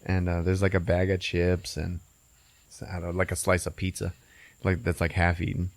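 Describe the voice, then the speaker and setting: A man hosting a podcast, retelling a movie in a casual, profane, animated way, laughing often. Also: low voice, normal speed, no echo. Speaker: podcast host.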